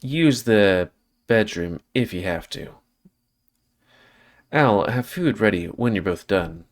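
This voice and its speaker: A man's voice: lowish voice, expressive, takes it slowly. A man voicing a stern rat roommate. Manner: stern, clipped.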